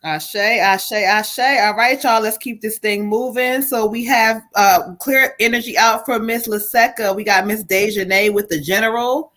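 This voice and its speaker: A woman's voice: fairly high pitch, fairly even intonation, a little slow, hardly any pauses, a bit bright. A woman hosting a live tarot reading, blunt and emphatic and full of profanity. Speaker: livestream host and tarot reader.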